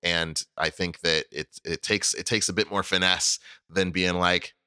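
Low-voiced man, jokey podcast co-host. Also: a little slow, smooth, no room sound, studio quality. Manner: animated, jokey, swears casually. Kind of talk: casual chat.

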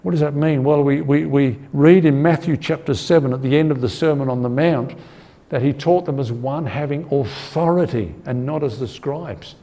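A man's voice: medium pitch, moderate pace, dark tone. A man teaching a conversational Bible-study sermon. He talks earnestly, asks his listeners for agreement and repeats words as he thinks. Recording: long hall reverb.

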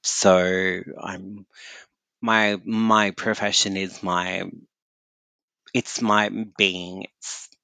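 A man's voice: low-pitched, level tone, extremely slow, gravelly, pauses often, bright, forceful tone, dry recording. A man as a podcast guest, talking bluntly and candidly about work and the holidays. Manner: candid and blunt, swears freely. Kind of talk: casual conversation.

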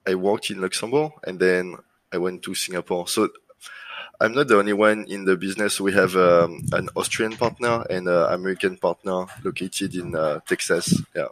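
This interview guest, a French man who owns a lead generation business, talks at normal speed in a low-pitched voice with a French accent. He's relaxed, filling his speech with fillers and restarts, and the audio is poor.

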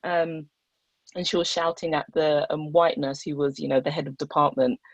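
A woman's voice: sits low, fairly even intonation, moderate pace, dry recording. A young woman, a doctor, speaking earnestly and telling a story in a casual discussion. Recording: dull, dry recording.

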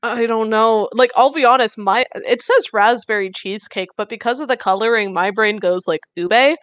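A woman's voice: fairly high pitch, moderate pace, smooth, no room sound, muffled recording. A woman co-hosting a podcast in casual chat, rambling with lots of fillers and wry complaints. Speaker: podcast co-host.

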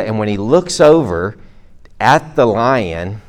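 A middle-aged man delivers a sermon in a loose, conversational manner, talking straight to his congregation. His voice sits a little low. He drops in self-deprecating jokes and asides as he goes. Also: expressive, slow. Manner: speaks to a live congregation. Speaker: preacher.

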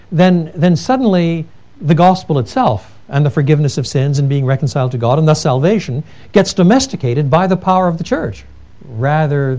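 This man's voice is fairly high and mellow as he gives an earnest theology lecture. He weaves in anecdotes, repeats points emphatically, and often restarts his sentences.

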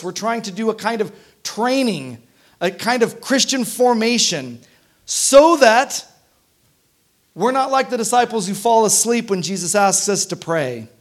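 A man preaching a sermon as pastor, conversational, often checking in with the congregation. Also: high-pitched. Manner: conversational, frequent tag questions.

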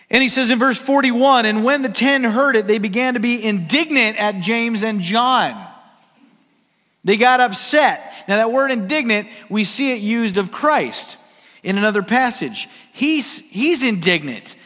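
A man preaching a sermon, swinging between loud emphasis and hushed near-whispers. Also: sits high, expressive, a little slow. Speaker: pastor. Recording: long hall reverb.

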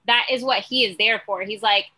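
Bright-voiced woman, earnest and chatty. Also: medium pitch, fairly even intonation, a little fast, slight background noise, low-quality recording. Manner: earnest, chatty, many fillers. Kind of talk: casual faith chat.

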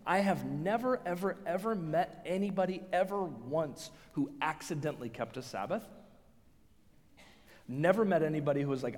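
A man delivers a sermon, his pitch climbing and dropping with lots of expression. He tells stories and acts out other people's voices, often restarting his phrases. His voice carries a long reverb, as if from a big church hall. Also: normal speed. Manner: animated storyteller, acts out quoted voices, self-restarting. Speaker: pastor.

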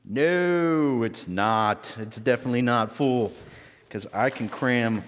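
A man's voice: mid-range voice, takes it slowly, big-room sound. A man giving a children's object lesson, quizzing the kids in a friendly, teacherly way.

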